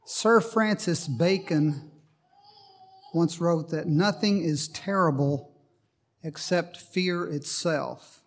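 Slow, high-voiced male preacher. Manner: storytelling with a joking aside, then Bible reading. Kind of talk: sermon.

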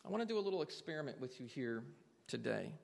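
A man's voice: medium pitch, sing-song, fast talker, gravelly, in a large hall. A man preaching a sermon to a congregation, earnestly asking them question after question. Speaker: pastor.

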